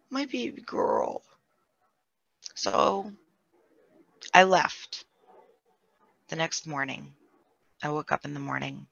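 A woman candidly recounting a painful family story in an emotional way, with vocal fry. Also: deep voice, bright, forceful tone, no room sound. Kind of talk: personal storytelling. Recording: dull, dry lo-fi sound.

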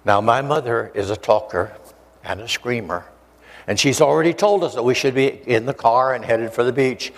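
An older male preacher from the Oregon coast, telling a personal story in an animated way, acting out voices and joking with the listeners. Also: medium pitch, moderate pace. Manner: animated storyteller, acts out voices, jokes with audience. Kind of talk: storytelling testimony sermon. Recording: long hall reverb.

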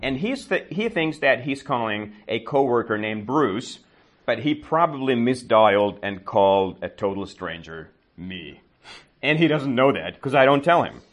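Animated man telling a story to a class. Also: medium pitch, moderate pace. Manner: animated, checks understanding with frequent "right?". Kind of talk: storytelling to learners.

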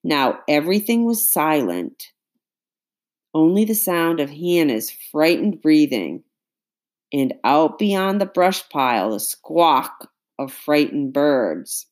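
Low-voiced woman narrating slowly. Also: big pitch swings. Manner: measured, suspenseful storytelling. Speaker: audiobook narrator. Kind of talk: audiobook narration.

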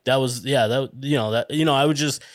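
A man's voice: medium pitch, brisk, no echo, studio quality. A man hosting a podcast in casual chat, rambling and self-conscious, laughing and swearing. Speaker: podcast host.

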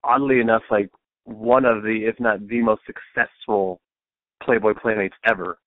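A man's voice: on the low side, steady tone, moderate pace, no echo. A man guesting on a podcast, chatting in a laid-back way with casual swearing. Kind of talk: casual chat. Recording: dry, tinny phone-like sound.

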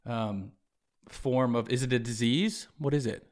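Curious male interviewer, mid-pitched. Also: unhurried. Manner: curious, empathetic questioning. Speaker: interview host. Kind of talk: conversational interview.

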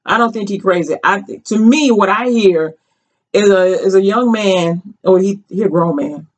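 A woman talks straight to her viewers in a loose, rambling way, stopping to restart her sentences. Her voice sits at an ordinary middle pitch. She sounds colloquial and earnest, with plenty of ums and uhs. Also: moderate pace. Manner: chatty, rambling, many fillers and restarts. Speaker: vlogger. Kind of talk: casual storytelling commentary.

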